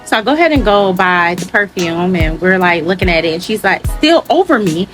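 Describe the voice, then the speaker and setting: A young adult woman, a teacher, animatedly retelling an incident in a storytime vlog, acting out the dialogue in a higher voice. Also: big pitch swings, brisk, music in the background.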